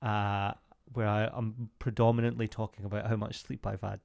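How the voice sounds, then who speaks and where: A man's voice: lowish voice, little pitch movement, normal speed, gravelly, a little mellow. A man in his thirties, co-hosting a podcast in casual chat, rambling through old stories and laughing often. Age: 30s. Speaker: podcast co-host.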